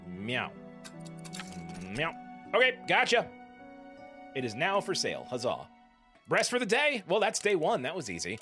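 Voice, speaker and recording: A man giving casual gameplay commentary, playful and chatty, with a very lively, animated pitch. His voice is bright and forceful, and faint game music plays behind him. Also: moderate pace, pauses often. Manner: playful, chatty, meows while fishing. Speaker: let's play host.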